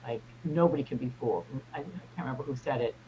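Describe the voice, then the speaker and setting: A man's voice: medium pitch, racing. Rambling American male guest, casual chat, muffled line with faint noise. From United States. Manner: rambling, filler-heavy. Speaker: guest on a discussion stream.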